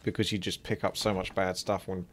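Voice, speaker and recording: A man's voice: sits low, level tone, brisk, a little hiss or hum. A man streaming a game live, chatting casually with rambling asides and a slight sore throat. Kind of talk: live gameplay commentary.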